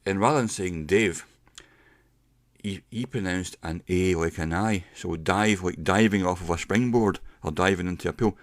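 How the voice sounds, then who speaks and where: A middle-aged man giving a casual pronunciation lesson, explaining step by step and slowing down to demonstrate sounds. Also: low voice, no room sound, clean studio sound. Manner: unhurried, explains step by step with slowed demonstration words. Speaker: English pronunciation teacher.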